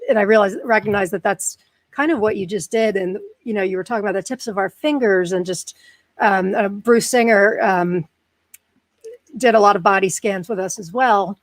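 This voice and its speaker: A woman's voice: medium pitch, normal speed, no room sound. An American woman hosting a chat show, bubbly, chatty and self-deprecating as she reads out comments. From United States. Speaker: podcast host. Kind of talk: casual chat.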